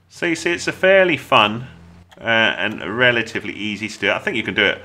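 A man with an English accent narrates a gameplay tutorial over his own playing. His voice sits fairly low but swings widely in pitch. It has a bright, forceful edge, and he drifts into excitable jokes along the way. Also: fairly quick. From England. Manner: chatty, excitable, jokey asides. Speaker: gaming YouTuber.

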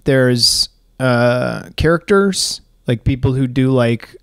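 A man's voice: mid-range voice, takes it slowly, creaky, a bit bright, clean tone, no room sound, studio quality. A man hosting a podcast in a rambling, joking casual chat. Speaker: podcast host.

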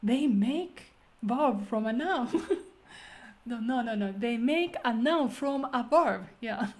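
A woman with a Japanese accent hosting a casual language lesson, talking quickly and laughing often. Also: a little high, animated, a little mellow. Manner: quick, laughing, switches between English and Japanese. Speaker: Japanese teacher host.

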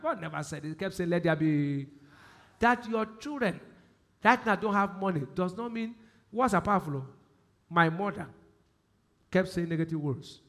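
A male pastor with a Nigerian accent preaching a sermon, asking the congregation questions and repeating key phrases, swinging between loud emphasis and quiet speech. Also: high voice, animated, normal speed. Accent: Nigerian English.

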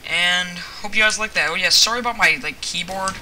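A man with a high voice gives casual gameplay commentary at his computer and rambles through plenty of ums and likes. His loud mechanical keyboard clatters clearly under every sentence. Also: a little fast, a little hiss or hum, low-quality recording. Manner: rambling, filler-heavy chat while reacting to the game. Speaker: gaming channel host.

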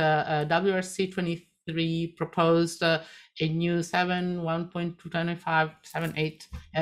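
A woman moderating a live webinar discussion, talking in a halting way with many fillers. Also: low voice. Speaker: panel moderator.

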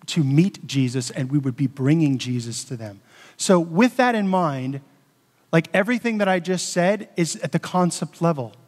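A pastor addressing his congregation at a church meeting, earnest and emotional, often checking in with the room. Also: a little high. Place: church sanctuary. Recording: long hall reverb.

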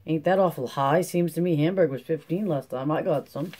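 A man's voice: fairly high pitch, fairly quick, darkish tone, close to an everyday voice. A man voicing a weary, stern poor farm mother, speaking in a rural drawl. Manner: rural drawl, firm but tired.

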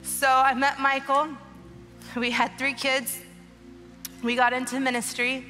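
A woman in her thirties delivers an earnest, emotional testimony sermon, her voice bright and a little high. She speaks into a stage mic in a large church auditorium, with long reverb trailing her words and faint music playing beneath. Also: level tone, a little slow. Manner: emotional, earnest, preaching with rising urgency. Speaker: guest speaker. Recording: long hall reverb with soft music behind.

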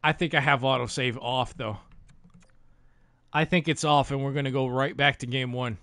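A man live-streaming commentary on a hockey video game simulation, talking to his chat, swearing freely and breaking into loud exasperated outcries. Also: mid-range voice, fairly even intonation, normal speed, no room sound.

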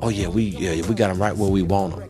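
Smug official, low, sneering and gloating, a man putting him on. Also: fairly even intonation, fast, over music, close to an everyday voice. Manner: gloating, mocking.

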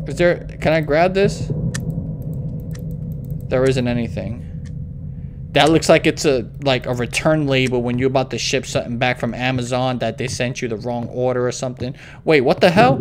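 A man's voice: fairly high pitch, normal speed. A young man talks through a horror game. He is jumpy, swears a lot and scolds an unseen baby as if he were its parent. A faint hiss sits under the voice. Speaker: gaming YouTuber.

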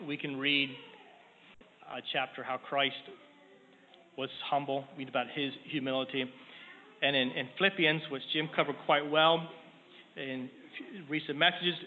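A middle-aged man delivers a sermon in a steady, earnest way, lifting his voice whenever he reads scripture. His voice sits a little high for a man. The sound is thin and phone-like, with a long reverb trailing through a church sanctuary. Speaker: preacher. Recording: tinny lo-fi sound in a long-echo hall with faint noise.

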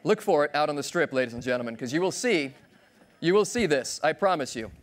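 A man's voice: on the high side, animated, fairly quick. A man giving a playful keynote talk on stage, acting out little scenes and voices. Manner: playful, acts out voices of others. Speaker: keynote speaker. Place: large conference hall stage.

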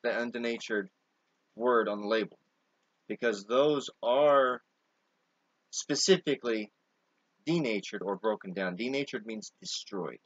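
Guy explaining protein stuff, earnest, says things twice, lowish voice, dull dry sound. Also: measured pace, long pauses, fairly bright tone, dry recording. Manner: earnest, explanatory, repeats key points. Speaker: co-host explaining the product. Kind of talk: casual product talk.

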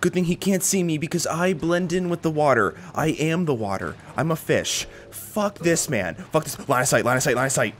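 A young man giving live commentary over his own gameplay, sarcastic and swearing, with sudden high-pitched bursts of panic. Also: expressive, normal speed, few pauses, a little hiss or hum. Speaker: gaming commentator.

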